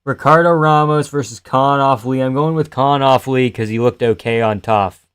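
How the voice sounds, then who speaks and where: A man hosting a live fight-reaction stream, chatting loosely and profanely with his viewers and often trailing off quietly. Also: medium pitch, moderate pace, smooth, no room sound, studio quality. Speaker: live-stream host reading chat.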